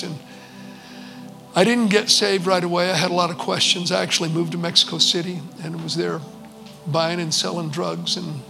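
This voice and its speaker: A high, very gravelly male voice tells a personal testimony as a sermon. He speaks earnestly and conversationally, acting out bits of dialogue. Clear music plays behind him. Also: rough recording. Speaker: preacher.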